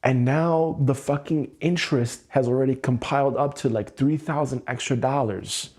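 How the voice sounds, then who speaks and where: A man hosting a livestream, venting angrily and swearing, keeping his voice low at home at night so he won't wake anyone. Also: moderate pace, darkish tone. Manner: angry, swearing, exasperated. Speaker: livestream host.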